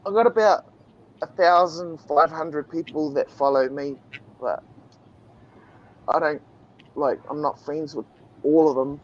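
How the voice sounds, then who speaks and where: A man's voice: on the high side, unhurried, pauses often, slight background noise. A man hosting a casual chat, laid-back and swearing freely. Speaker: host. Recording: dull lo-fi audio.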